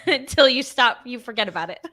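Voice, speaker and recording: A woman's voice: fairly high pitch, animated, brisk, bright, forceful tone. A woman in her thirties co-hosting a podcast, chatting casually, teasing and laughing often. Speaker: podcast co-host. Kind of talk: casual chat.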